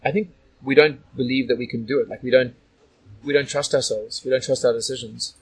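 A man's voice: mid-range voice, steady tone, fairly quick, breathy edge, rough recording. A man from Australia telling stories as a guest in a casual interview, rambling with lots of "like" and "you know".

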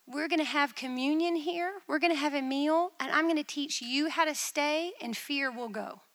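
A woman voicing Jesus as a gentle, unhurried man who speaks softly and invitingly, in a retold vision. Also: high-pitched. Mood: tender.

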